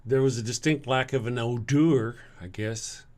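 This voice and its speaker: A man with a Southern US accent, hosting a casual livestream and answering chat. He sounds tired, talks bluntly and sarcastically, and clears his throat often. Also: mid-range voice, moderate pace, a little mellow. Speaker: livestream host reading chat.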